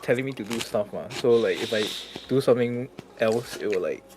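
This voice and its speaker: A man playing in a casual tabletop session, giving hesitant, halting answers about his character. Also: medium pitch, expressive, music in the background. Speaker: player.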